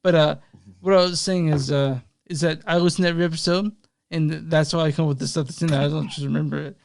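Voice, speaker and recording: A man's voice: on the high side, fairly even intonation, fast talker, gravelly, no room sound, clean studio sound. A man co-hosting a podcast, rambling with lots of fillers, laughing easily and swearing casually. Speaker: podcast co-host and editor.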